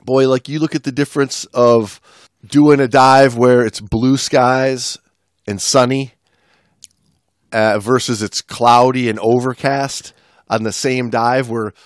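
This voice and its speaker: A man's voice: mid-range voice, steady tone, takes it slowly, dry recording, studio quality. A man co-hosting a podcast as a dive instructor, talking casually and rambling with many restarts. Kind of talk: casual chat.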